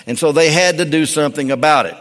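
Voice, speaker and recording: A man's voice: on the high side, fast, a bit bright. A man preaching a sermon in a folksy, emphatic way on a pulpit mic in a church. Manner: folksy, emphatic, with frequent restarts. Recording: long hall reverb.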